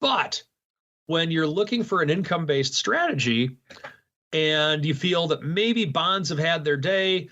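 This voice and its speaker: A man with a bright, forceful voice talks through investing ideas in a folksy, casual way and leans on sports analogies. His voice sits a little high. The sound is dull and lo-fi. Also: expressive, unhurried. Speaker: strategy segment guest. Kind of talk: casual finance talk.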